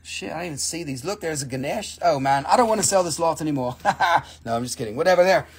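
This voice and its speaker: A man with a raised, gravelly, husky voice hosts a live sales stream. He jokes crudely and playfully between prices and slips into silly bits. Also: fairly high pitch, animated, fast. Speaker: host selling crystals on a live stream. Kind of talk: joking live sales pitch.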